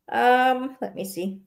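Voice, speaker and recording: A woman co-hosting a casual live chat, speaking a little higher than most. She asks questions and keeps her replies brief and encouraging. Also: gravelly. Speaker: co-host asking questions.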